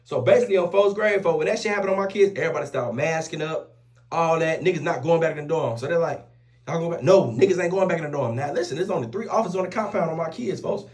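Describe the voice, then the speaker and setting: A young man tells a story in a high voice, loose and animated, packed with profanity. He keeps swearing on his kids after nearly every sentence, in a casual storytelling style. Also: quick pace. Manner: animated, profane street slang, repeats oaths like "on my kids, folks". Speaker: storyteller vlogger.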